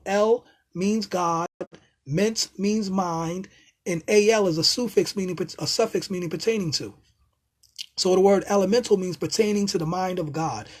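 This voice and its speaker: A man with a high voice lectures casually on spiritual ideas. His phrasing is loose and streetwise, full of asides, and he turns emphatic and excitable, sometimes bursting into loud exclamations. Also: slightly rough. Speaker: self-styled spiritual teacher.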